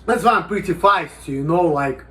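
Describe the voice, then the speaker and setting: A man's voice: a little high, lively intonation, normal speed, sharp tone. A man talking casually in a rambling, profane vlog monologue, with "you know" in almost every sentence. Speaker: vlogger.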